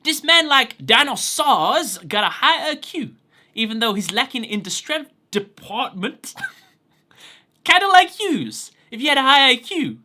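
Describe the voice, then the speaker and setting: A man voicing a streetwise young male card duelist with a put-on Brooklyn accent, talking loud, slangy and cocky. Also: very high voice, big pitch swings, measured pace, pitched above the performer's own voice, exaggerated voice. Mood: brash, cocky.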